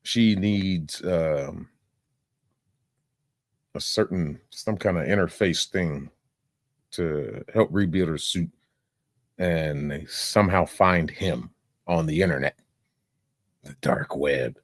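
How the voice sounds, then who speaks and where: Rambling, profane low-voiced man. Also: slow pace, pauses often, dry recording, studio quality. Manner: rambling, profane, laughing, with sound-effect fillers. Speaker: reaction streamer. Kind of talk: casual commentary.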